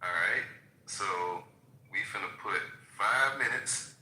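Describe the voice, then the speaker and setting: A man with a low, deep voice, casually setting the rules of a debate. His tone is very bright and sharp, and there is a roomy echo around him. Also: slow pace. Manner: loose, informal, sets rules with restarts. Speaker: debate moderator. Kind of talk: casual moderating.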